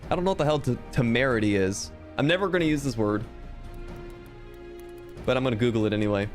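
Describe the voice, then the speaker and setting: A man streaming a game, chatting casually with animated, jokey, sometimes crude asides over faint game music. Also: medium pitch, fast. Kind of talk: casual let's-play commentary.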